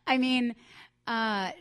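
A woman's voice: a little high, a bit bright, clear, resonant tone, no room sound. A woman in her thirties co-hosting a podcast in casual, candid chat, laughing often and telling stories with animation. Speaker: podcast co-host.

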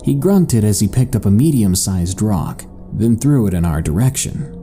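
A man with a low, very dark and mellow voice tells a horror story in a slow, suspenseful way, letting his pitch rise and fall a great deal. A soft music bed plays faintly behind him. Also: lively intonation. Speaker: horror podcast narrator. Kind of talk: scripted first-person story narration.

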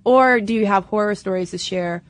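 A woman's voice: medium pitch, normal speed, no echo. A young adult woman co-hosting a podcast, chatting casually and playfully, often laughing. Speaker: podcast co-host. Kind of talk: casual chat.

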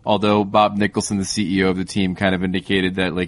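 A man co-hosting a podcast, talking in a quick, wry, joking manner. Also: low voice, flat delivery. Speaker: podcast co-host. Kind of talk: casual podcast chat.

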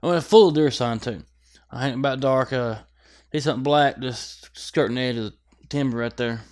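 Animated man telling a story. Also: medium pitch, normal speed. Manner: animated, profane, acts out scenes. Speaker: guest. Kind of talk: casual storytelling chat.

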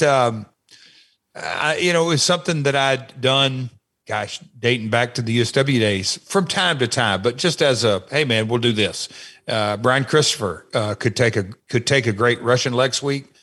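A man co-hosting a podcast, telling old stories in a rambling, halting way with many fillers and restarts. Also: medium pitch, a bit bright. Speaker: podcast co-host, former wrestler. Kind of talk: casual storytelling chat.

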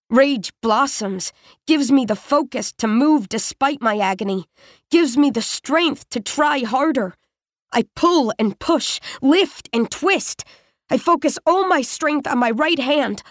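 A woman reading a first-person story in a slow, tense, suspenseful manner. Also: on the high side, expressive, no echo, studio quality. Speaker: audiobook narrator. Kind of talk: first-person scripted narration.

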